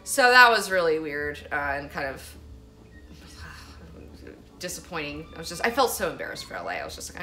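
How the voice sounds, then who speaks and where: A woman's voice: deep voice, wildly swooping pitch, brisk, pauses often, pushed and bright, faint music behind. A woman vlogger telling a story in a rambling, profane way, filling her talk with "like.". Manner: rambling, profane, heavy use of "like". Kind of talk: casual storytelling monologue.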